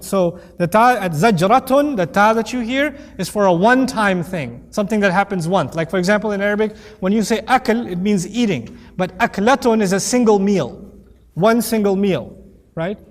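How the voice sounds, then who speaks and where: A man teaching a lecture on Quranic Arabic, animated and playful, acting out quoted voices as he explains. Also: sits high, moderate pace, big-room sound.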